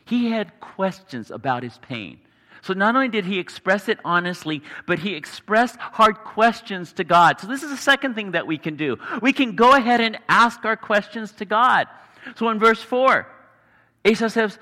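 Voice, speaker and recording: A man preaching a sermon, earnest and explanatory, pausing for emphasis. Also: high voice, animated, sharp tone. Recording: long hall reverb.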